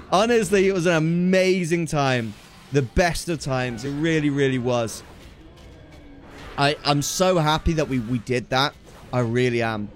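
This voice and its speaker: A man chatting casually with his stream viewers, animated and laughing often, with "dude" in many of his sentences. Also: a little high, slight background noise.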